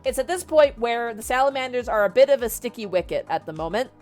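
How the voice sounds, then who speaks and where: A woman's voice: fairly high pitch, fast, faint music behind. Chatty woman retelling a story. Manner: chatty, animated, frequent fillers and swearing. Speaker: vtuber streamer. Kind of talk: casual story recap.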